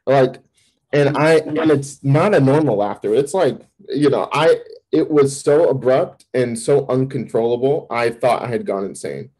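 Guy campus minister sharing his testimony, dark relaxed tone, pitch jumps way up when he acts things out. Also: normal speed, husky, poor audio. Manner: candid, vivid storytelling with sudden pitch jumps. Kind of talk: personal testimony in an interview.

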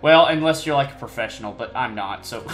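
A man casually commenting on his own gameplay. He rambles, pokes fun at himself and breaks into sudden excited squeals. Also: medium pitch, moderate pace. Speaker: gaming channel host. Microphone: desk mic, no face cam. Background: faint game music.

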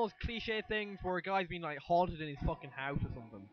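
A young man giving casual game commentary with quick, sweary asides. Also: high voice, lively intonation, dull audio. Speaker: let's play gamer.

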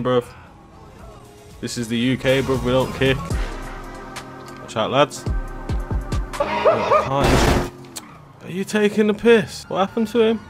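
A young-sounding man commentates on a game in a slow, drawn-out way, his pitch leaping all over the place. He breaks into loud swearing outbursts on a desktop mic at home, with game music playing clearly underneath him. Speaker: gaming video host. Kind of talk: excited gameplay commentary. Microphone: desktop USB microphone.

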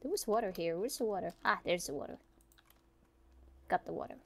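A woman's voice: medium pitch, fairly quick, gravelly. A woman chatting casually during a game, exclaiming and narrating what she does. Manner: exclaims, narrates her own actions. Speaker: game player. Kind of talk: casual gaming chat.

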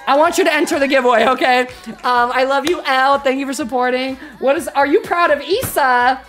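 A woman livestreamer rambling energetically through a casual sign-off, her voice a little croaky. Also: high voice, fairly quick, fairly bright tone, soft background music. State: slightly croaky. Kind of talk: casual stream sign-off chat.

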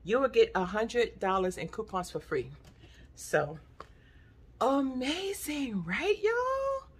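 Excitable chatty woman, lively voice. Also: mid-range voice, slow, breathy edge. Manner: chatty, excitable, says y'all a lot. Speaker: vlogger. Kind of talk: casual haul vlog.

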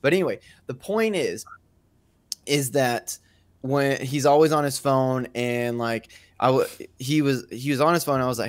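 A man's voice: mid-range voice, moderate pace, dry recording. A man talking through a classroom example in a casual podcast discussion, thoughtful with frequent restarts. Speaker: teacher and podcast co-host.

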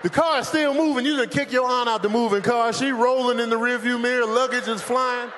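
A man doing live stand-up comedy on stage, animated and loud, shouting out his impressions of airport staff. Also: very high-pitched, fairly quick. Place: comedy stage with a laughing audience.

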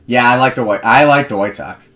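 A man's voice: mid-range voice, fairly quick, a bit bright. A young man hosting a live card break stream, chatting with viewers and rambling into stories between picks.

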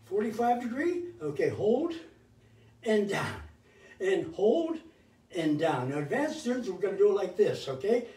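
Older male fitness host, high and animated, energetic coaching, roomy mic from a distance. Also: unhurried. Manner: energetic, cheering coaching with counted cues. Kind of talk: live workout instruction. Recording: roomy sound from away from the mic.

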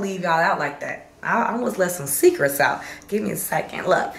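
A woman's voice: on the low side, expressive, fairly quick, creaky, few pauses. A woman from Chicago talking casually to her viewers in a slangy, chatty vlog update that gets hyped up. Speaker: vlogger. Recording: roomy echo, faint background hum.

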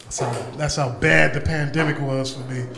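A man doing a loud, animated stand-up comedy set in a club, with profanity and crowd work. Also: fairly high pitch, moderate pace, vocal fry. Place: comedy club stage before a live audience. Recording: echoey club with audience laughter.

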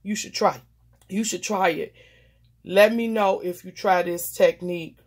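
A woman's voice: on the low side, measured pace. A woman vlogger showing her mixed-media craft projects in a casual, gushing, emotional, folksy way. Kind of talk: casual show-and-tell.

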